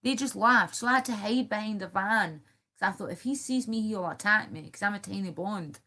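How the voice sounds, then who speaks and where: A woman's voice: mid-range voice, fairly quick, sharp tone. A Scottish woman rambling and swearing on a live stream, chatting directly to her viewers. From Scotland.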